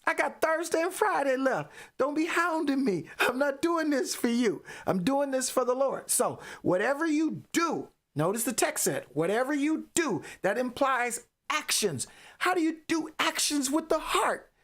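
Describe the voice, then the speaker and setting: A woman's voice: high-pitched, very animated, normal speed. A woman hosting a live motivational faith talk, emphatic and preachy, repeating phrases for effect. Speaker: podcast host.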